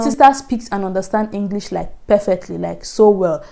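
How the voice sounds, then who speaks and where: Chatty Nigerian woman with a gravelly, mellow voice. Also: mid-range voice, normal speed. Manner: chatty, laughing often, many "like, you know" fillers. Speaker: vlogger. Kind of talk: casual storytelling vlog.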